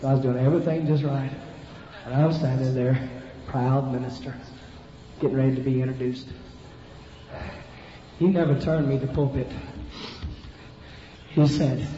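With a mellow, mid-range voice at a moderate pace and frequent pauses, a preacher relates a funny story in a folksy way, repeating himself and addressing his listeners directly. The recording is dull and lo-fi, with faint noise and the echo of a hall.

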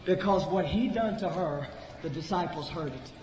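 A man preaching a Pentecostal revival sermon, swinging from hushed storytelling to shouted preaching. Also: fairly high pitch, normal speed, a little hiss or hum. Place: large church sanctuary. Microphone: pulpit microphone. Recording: echoey, dull church recording.

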